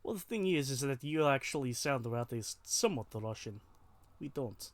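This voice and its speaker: A man's voice: mid-range voice, animated, moderate pace. A man streaming a video game, chatting casually and swearing now and then. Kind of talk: casual gaming chat.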